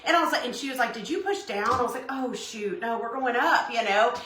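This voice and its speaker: A woman's voice: fairly high pitch, fairly quick. A woman, hosting a casual crafting chat and telling stories with lots of laughter. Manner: animated storytelling, laughs often. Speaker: host. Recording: echoey room with faint noise.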